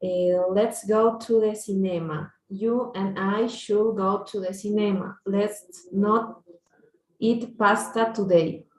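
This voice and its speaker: A woman's voice: medium pitch, steady tone, takes it slowly, a little mellow. A woman learning English in an online lesson, reading aloud hesitantly with many fillers over a video call. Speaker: English student. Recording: echoey, far from the mic.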